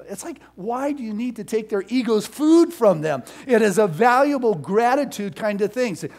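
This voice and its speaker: A middle-aged male pastor giving a storytelling sermon, dropping to soft asides and rising to loud, emphatic peaks. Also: high-pitched, lively intonation, fairly quick, few pauses.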